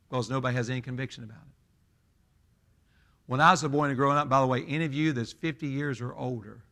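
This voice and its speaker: A man over fifty, preaching a sermon in an emphatic, folksy way that swells loud. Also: mid-range voice. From Southern US. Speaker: pastor.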